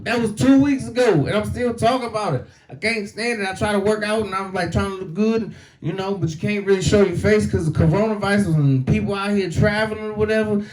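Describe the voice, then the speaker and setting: A middle-aged male comedian telling a story in a casual, profane, conversational way. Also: high-pitched. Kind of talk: stand-up storytelling.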